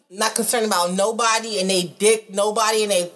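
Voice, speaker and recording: A woman's voice: on the high side, moderate pace, few pauses, a bit bright. Blunt, profane woman in casual chat. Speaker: podcast co-host.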